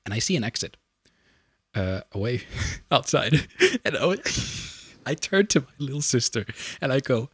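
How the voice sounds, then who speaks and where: A young man in his twenties telling a funny story in casual chat, animated and laughing often. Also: a little slow, husky, no room sound, clean studio sound. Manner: animated, laughing, shrieks in high voice when reenacting screams.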